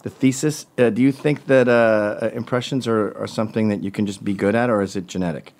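A man's voice: on the low side, a little fast. A man hosting a casual podcast, teasing his guest and prompting questions. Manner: teasing, animated, breaks into song. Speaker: podcast host.

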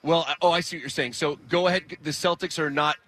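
Male co-host, bright and slightly high, probing. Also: quick pace. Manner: probing, questioning. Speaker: radio co-host. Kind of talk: casual sports radio chat.

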